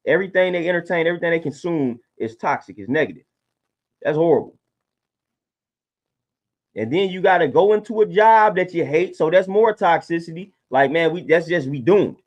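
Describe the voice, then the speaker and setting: A man's voice: a little high, expressive, a little fast, long pauses. A man talking casually on a livestream, laid-back and preachy, often repeating his points. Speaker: livestream host.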